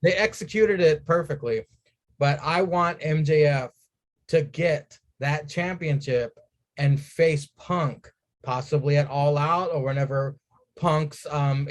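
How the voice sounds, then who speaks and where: A man chatting on a wrestling podcast with a fairly high voice. He swears freely and acts out his own excited reactions as he tells the story. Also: measured pace. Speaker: podcast co-host. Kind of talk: casual wrestling podcast chat.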